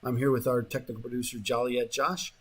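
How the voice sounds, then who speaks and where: A man's voice: medium pitch, flat delivery, a little fast, fairly bright tone, husky. A man hosting a talk radio show, rambling in a casual monologue full of fillers and restarts, sometimes mocking the voices of the people he quotes, in a radio studio.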